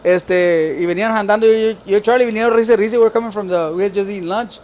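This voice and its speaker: Fast-talking older man. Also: high voice, slight background noise. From South Texas. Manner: lively, laughs while telling stories, acts out other people's lines. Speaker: guest, storyteller. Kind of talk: casual storytelling, mixing Spanish and English.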